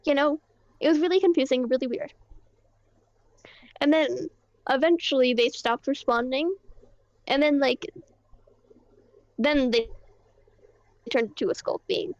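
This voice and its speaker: A woman voicing a high-pitched young roleplay character who rambles through her story, halting and swearing. Her voice sits dry and close, with a slightly dull, lo-fi tone. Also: a little mellow, no echo. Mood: agitated. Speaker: roleplay character recounting events. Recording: dull lo-fi mic.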